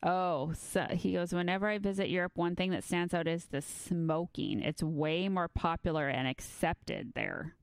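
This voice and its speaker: Laid-back giggly woman, lower voice. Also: moderate pace, gravelly, hardly any pauses, smooth, dry recording. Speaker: co-host reading topics. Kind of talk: casual chat.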